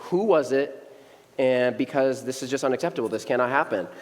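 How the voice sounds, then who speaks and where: A man's voice: mid-range voice, fairly quick, natural voice. A man voicing his stern father handing out a punishment, in a long church reverb.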